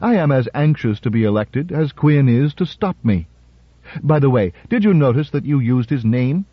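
A man reading aloud and voicing a smooth, self-assured male lawyer-politician with a wry, gently teasing manner. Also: medium pitch, animated, normal speed, no echo, pitched above the performer's own voice. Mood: confident. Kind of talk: radio story reading. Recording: dull, dry radio recording.

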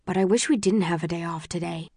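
A woman reading the lines of a thoughtful young man in an audiobook, low-key, wry and subdued. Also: quick pace, a little mellow, breathy edge, dry recording, clean studio sound.

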